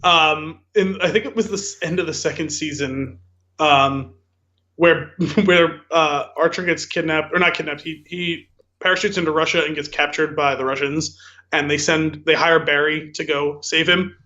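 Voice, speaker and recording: A fairly high, bright-toned man chatting on a podcast, circling through his stories with lots of "like" and "um". The audio is a little dull and lo-fi. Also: fairly even intonation, moderate pace. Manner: rambling, filler-heavy storytelling with frequent "like" and "um". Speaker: podcast co-host. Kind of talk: casual podcast chat.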